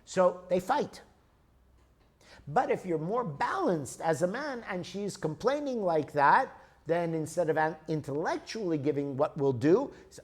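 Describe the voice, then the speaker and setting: A male lecturer with a somewhat high-pitched voice talks an audience through his ideas in a lecture room. He explains step by step and keeps checking in with "okay?" and "right?". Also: sing-song, a little slow.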